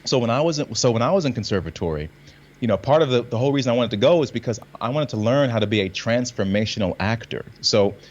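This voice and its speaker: A man's voice: medium pitch, fast talker, muffled recording. A man and actor talking in a casual conversation, telling stories with energy and acting out lines in different readings. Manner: animated storytelling, acts out lines in different readings. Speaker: actor and guest.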